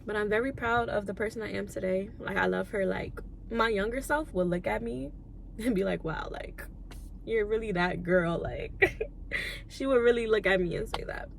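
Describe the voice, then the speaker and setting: A young woman in her twenties telling her life story in an emotional vlog, soft-spoken and on the edge of tears, with many "like"s. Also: medium pitch, moderate pace, creaky, slight background noise. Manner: soft-spoken, filler-heavy, tearful at times. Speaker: YouTuber and lash tech.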